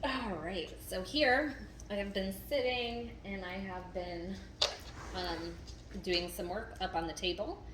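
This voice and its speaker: A woman's voice: medium pitch, slow. A woman in a casual vlog, explaining how she trains her dog and cooing praise at it, recorded indoors at home. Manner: chatty, self-deprecating, coos praise at a dog. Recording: echoey room with faint noise.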